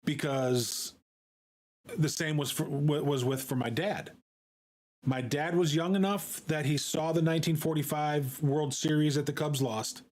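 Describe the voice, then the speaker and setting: A man streaming, talking in a casual, halting way with many fillers and repeated words. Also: fairly high pitch, darkish tone. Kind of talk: casual live-stream chat.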